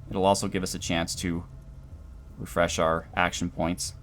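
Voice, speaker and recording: Calm low-voiced man narrating gameplay. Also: normal speed, a little hiss or hum. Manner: calm, dry, explanatory. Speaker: gameplay commentator. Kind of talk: let's play commentary.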